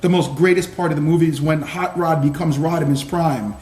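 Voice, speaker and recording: A former Marine officer, a man, telling stories as a guest in a casual interview, animated, laughing and swearing casually. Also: a little high, a little fast. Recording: roomy echo.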